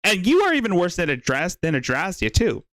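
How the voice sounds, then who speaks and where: A man's voice: high-pitched, huge pitch swings, a little fast, fairly bright tone, dry recording. A man hosting a show, giving scornful, lecturing commentary on a clip. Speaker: host.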